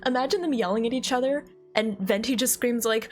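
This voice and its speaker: A woman's voice: on the high side, fairly quick. A young woman streaming a game, chatting in a giggly, playful way and greeting her viewers. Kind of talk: casual live-stream chat. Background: game music.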